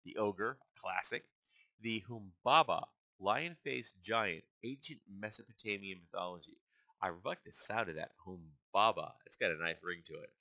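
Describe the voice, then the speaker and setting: A man hosting his own channel, casually reading through a list and thinking aloud, halting and stumbling over unfamiliar names. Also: lowish voice, sharp tone, dry recording. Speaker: channel host.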